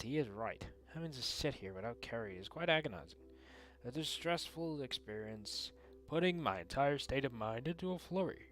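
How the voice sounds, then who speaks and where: A man reading a visual novel aloud in earnest first-person narration. His voice sits at an ordinary pitch for a man, and faint music plays under it. He breaks off now and then for dry asides. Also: animated, normal speed, a bit bright. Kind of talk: dramatic read-aloud narration.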